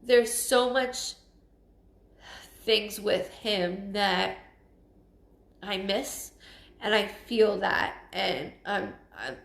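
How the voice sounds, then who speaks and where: A woman giving a live psychic reading, earnest and emotional, halting and often restarting her sentences. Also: medium pitch, creaky, roomy sound. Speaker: psychic medium. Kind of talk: live-streamed spirit reading.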